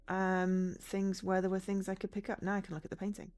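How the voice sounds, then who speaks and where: A woman's voice: mid-range voice, fast, a little mellow, dry recording. A woman streaming a point-and-click game, chatting casually and reading the game text aloud with joking asides. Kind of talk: casual let's-play commentary.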